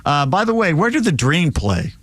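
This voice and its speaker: A man's voice: a little high, sing-song, normal speed, a bit bright, no room sound. A man hosting a live radio show, reading sports and news items with sardonic jokes.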